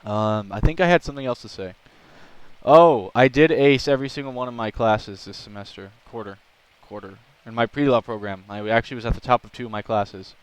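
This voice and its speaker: A young man chatting on a live stream, telling an animated, rambling story. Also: medium pitch, brisk, clean tone, no room sound, low-quality recording. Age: young adult. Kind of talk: casual live-stream chat.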